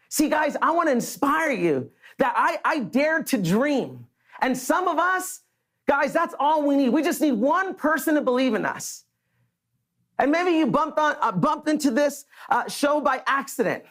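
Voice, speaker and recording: A man from the Los Angeles area giving an earnest, energetic motivational stage speech and talking straight to the crowd. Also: extremely high pitch, unhurried. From Los Angeles area, USA. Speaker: motivational speaker.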